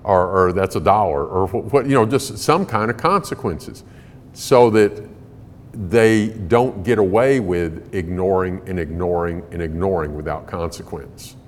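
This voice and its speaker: Before a live audience in a large hall with long reverb, a man with a low, slightly slow voice answers parenting questions. He is folksy and emphatic and laughs often during the conversational Q&A.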